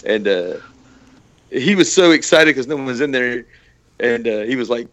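A man co-hosting a podcast, chatting casually about horror movies with a gravelly, profane, laugh-filled manner. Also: mid-range voice, lively intonation, moderate pace, a bit bright. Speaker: podcast co-host. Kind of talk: casual chat.

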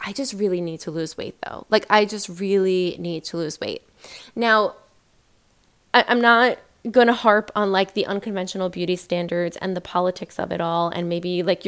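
A woman hosting a casual solo podcast, chatty and emphatic, with lots of fillers and rhetorical questions. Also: mid-range voice. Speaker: podcast host.

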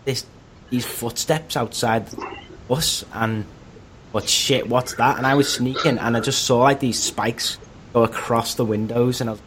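A man talks casually about games with a friend. He rambles through his stories with plenty of "like" and restarts. His pitch sits right in the middle. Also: steady tone, moderate pace, slight background noise. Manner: rambling, filler-heavy storytelling. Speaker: podcast co-host. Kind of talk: casual gaming chat.

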